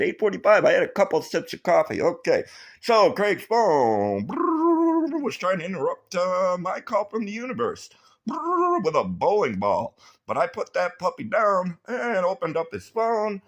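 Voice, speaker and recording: A man rambles through a tangled story for his viewers, cursing nearly every sentence. His fairly high voice swings up and down a lot, and he slips into mocking voices whenever he quotes someone. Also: vocal fry. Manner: profane, rambling, animated storytelling. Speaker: vlogger. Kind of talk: rambling profane monologue.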